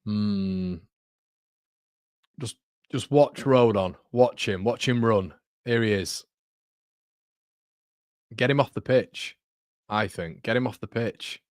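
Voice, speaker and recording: Excitable man hosting a football watchalong. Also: fairly low pitch, slow, pauses often, no echo, studio quality. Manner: excitable, chatty, swings between shouting and muttering. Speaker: watchalong host. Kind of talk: live match watchalong commentary.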